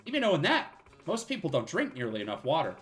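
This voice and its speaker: Upbeat reformed barman, sing-song and lecturing, read aloud by a streamer; faint music behind. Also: quick pace. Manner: chipper high put-on voice, lively pitch. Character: upbeat male ex-bar owner turned health nut. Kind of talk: reading game dialogue aloud.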